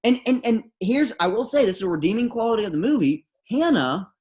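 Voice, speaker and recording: Casual podcast co-host, mid pitch, critical, rhetorical questions. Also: big pitch swings, fast, darkish tone. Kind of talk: casual chat.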